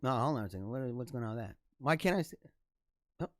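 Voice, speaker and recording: A man's voice: medium pitch, expressive, fast, dry recording, studio quality. A man hosting a livestream, talking to his viewers in an emphatic, preachy, repetitive way. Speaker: livestream host. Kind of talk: preachy motivational livestream talk. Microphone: camera mic.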